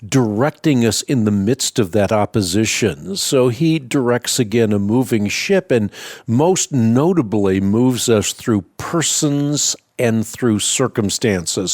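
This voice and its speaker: A middle-aged man hosting a radio call-in show, answering a caller with measured, earnest teaching. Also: mid-range voice, a little mellow, no echo, clean studio sound. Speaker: radio Bible answer host.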